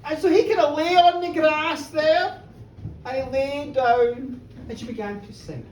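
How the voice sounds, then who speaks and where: A woman telling a folk tale live, animated, chatty and playful. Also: high-pitched, unhurried. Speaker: storyteller. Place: pub storytelling show, indoors. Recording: roomy bar, distant mic, faint noise.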